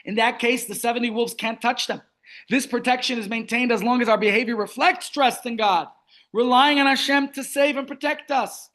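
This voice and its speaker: A man's voice: very high voice, moderate pace. A man teaching a Torah class over a video call, telling stories and asking rhetorical questions. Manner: storytelling, rhetorical questions, animated. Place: online meeting.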